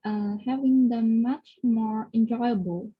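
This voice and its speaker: Brief: female language student, hesitant, slow, husky, dull lo-fi recording. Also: on the high side, fairly even intonation. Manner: hesitant, many fillers. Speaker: English learner. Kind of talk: spoken exam practice answer. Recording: dull lo-fi audio.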